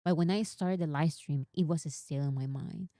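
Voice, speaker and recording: A woman's voice: deep voice, moderate pace, dry recording, clean studio sound. Chatty woman streaming fan commentary. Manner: chatty, animated, reads quotes aloud. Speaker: live streamer.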